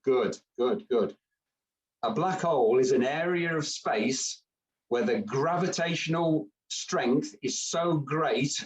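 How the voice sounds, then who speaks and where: A man's voice: mid-range voice, recorded from a distance, poor audio. A man giving a chatty, joking camera club talk with many fillers.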